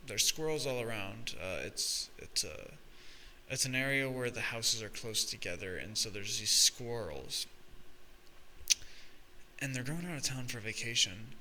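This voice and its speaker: A man's voice: medium pitch, lively intonation, unhurried, sharp tone, a little hiss or hum, low-quality recording. A young adult man hosting a podcast, telling a comedic story in a profane, rambling way full of restarts. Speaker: podcast host.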